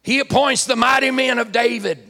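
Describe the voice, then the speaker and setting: A man's voice: extremely high pitch, fairly even intonation, a little fast, bright, forceful tone. A man preaching a sermon, calling out to the congregation with rising fervor. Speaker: pastor.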